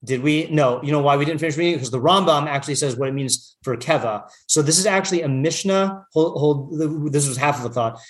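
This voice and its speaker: A man leads a relaxed study session, reading old texts aloud and then translating them. His voice sits a touch high, and he talks in a loose, chatty way full of "like" and restarts. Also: a little fast, few pauses. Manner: chatty, full of fillers, reads Hebrew text then translates. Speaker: Torah teacher. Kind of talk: casual text study class.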